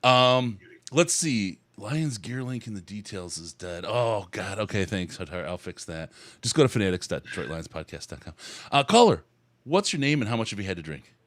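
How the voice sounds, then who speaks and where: A man's voice: on the low side, very animated, moderate pace, fairly bright tone, dry recording. A middle-aged man hosting a casual sports podcast, chatty and laughing often. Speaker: podcast host.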